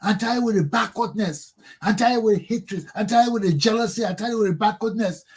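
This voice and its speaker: A Liberian man with a Liberian English accent, hosting a talk show as an impassioned monologue that swings from low intensity to loud urging. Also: fairly quick, husky. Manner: preachy and fiery, swings from low intensity to shouting.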